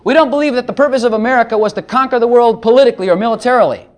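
A man's voice: very high voice, very fast. A man preaching a sermon, joking between passages of scripture he reads aloud. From Texas.

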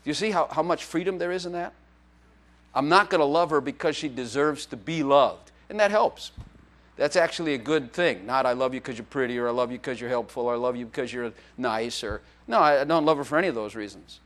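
A man's voice: mid-range voice, a little fast, a bit bright. A man preaching as a pastor in a church, in a joking, conversational way with playful acted quotes. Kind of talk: sermon.

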